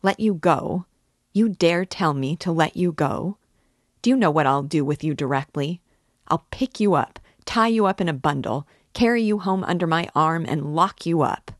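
A woman reading aloud, voicing a hot-tempered young man who scolds and blusters at his friend in raised, rapid outbursts. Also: low-pitched, animated, dry recording, clean studio sound. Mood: scolding.

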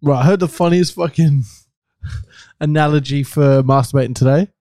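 A young man co-hosting a podcast, a little higher-pitched than most men. He tells stories through laughter and swears freely. His voice sounds dry and close to the mic. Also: moderate pace, warm tone, no room sound. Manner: laughing storyteller, swears a lot. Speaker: podcast co-host. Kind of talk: casual podcast banter. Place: hotel podcast room.

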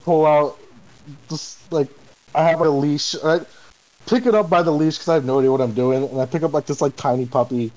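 High-voiced man playing a goofy brute. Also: a little fast, darkish tone, muffled recording. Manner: goofy, simple-minded in-character talk. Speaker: player.

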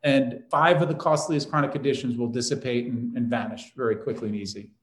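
A man's voice: medium pitch, fairly even intonation, brisk. A man from New York tells a long story on a podcast, switching into quoted voices as he goes. His voice sits mid-range. The recording carries a noticeable roomy echo. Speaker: podcast host, doctor. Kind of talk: storytelling in casual conversation.

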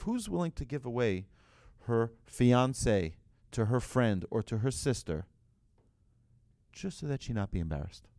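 A man's voice: mid-range voice, big pitch swings, unhurried, dark tone, no echo, studio quality. A man, a rabbi, telling a story in a sermon, acting out the voices and often restarting his phrases.

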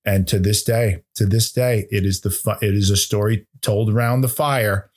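A man's voice: fairly low pitch, steady tone, moderate pace. A man on a podcast telling a rambling, self-deprecating story, full of cursing and restarts. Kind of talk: casual comedic storytelling.

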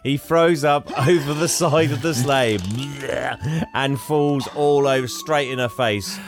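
An English man hosting a podcast, retelling a film with lots of laughter and animated storytelling. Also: medium pitch, takes it slowly, over music. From England. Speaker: podcast host. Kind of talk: casual chat, retelling a film.

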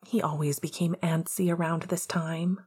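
Husky-voiced woman reading fan fiction. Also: low voice, level tone, normal speed, a little mellow. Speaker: podfic reader. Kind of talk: storybook narration.

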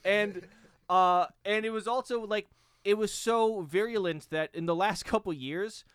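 New guy on a podcast, kinda high voice, smooth and clear, dry sound, self-mocking. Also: dry recording. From New York. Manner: animated, self-mocking, quick restarts. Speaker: podcast guest. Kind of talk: casual podcast chat.

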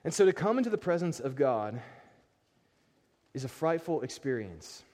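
A pastor preaching a sermon, animated and emphatic, often repeating words as he builds a point. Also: a little high, moderate pace. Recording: long reverb of a large hall.

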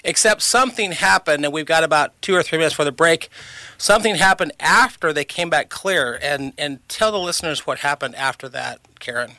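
A man hosts a radio talk show and explains things for his listeners while keeping an eye on the time. His voice is higher than most men's and bright. It sounds dry and close, with almost no room around it. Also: animated, fairly quick, no echo. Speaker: radio host.

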